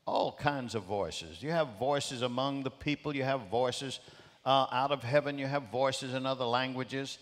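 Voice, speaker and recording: A man's voice: mid-range voice, moderate pace, a bit bright. Emphatic male preacher in a reverberant hall. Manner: emphatic, repeats key phrases. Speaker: guest preacher. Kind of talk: sermon. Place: large church auditorium. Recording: long reverb of a large hall.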